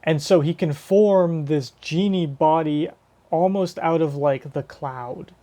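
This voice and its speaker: A man's voice: a little high, takes it slowly, warm tone. A man giving casual live reaction commentary on a manga chapter, rambling and swearing casually as he thinks aloud.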